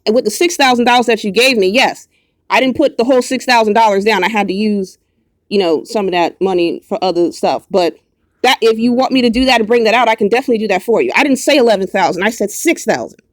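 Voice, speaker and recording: A woman's voice: medium pitch, fast talker, no room sound, clean studio sound. A young woman in a confrontational, profane, mocking rant straight to camera. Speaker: vlogger. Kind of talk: angry direct-to-camera rant.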